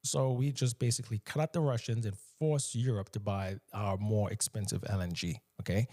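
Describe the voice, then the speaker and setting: A man from the United States giving animated, emphatic solo commentary, often slipping into mocking voices. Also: on the low side, moderate pace.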